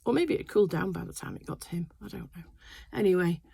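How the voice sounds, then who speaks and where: A woman's voice: on the low side, expressive, fast, creaky, warm tone, breathy edge, no echo. An older woman chatting casually in her sewing room, telling a rambling family story full of fillers. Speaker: quilting vlogger. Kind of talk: casual chat.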